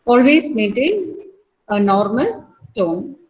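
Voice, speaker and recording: In a lecture to a college class, a woman teacher with an Indian English accent explains things slowly, repeating herself and using a lot of fillers. Her voice is a little high and very animated, and the recording has its highs cut off.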